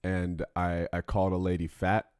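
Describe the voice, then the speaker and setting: A young man co-hosting a podcast in casual chat, telling stories in an animated, profane way. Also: deep voice, moderate pace, clean tone, dry recording, clean studio sound. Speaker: podcast co-host.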